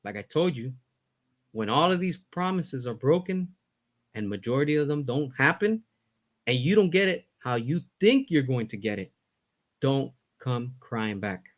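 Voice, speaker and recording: A man running his own commentary stream vents his opinions in a fed-up, heated rant. His mid-range voice has lively intonation and a moderate pace. He's blunt, swears, and repeats lines for emphasis.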